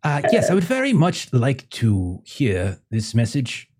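A man's voice: mid-range voice, huge pitch swings, a little slow, darkish tone, slightly rough, full character voice. A man voicing a stern icy alien overseer woman. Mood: curt. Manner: curt, clipped and impatient.

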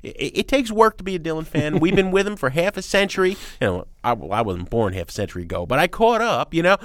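An opinionated male music critic co-hosting a radio show, his pitch jumping all over as he hammers his points home. He talks in emphatic bursts with sarcastic asides, close on a dry studio mic. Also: big pitch swings, fast, no room sound. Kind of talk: animated opinionated chat.

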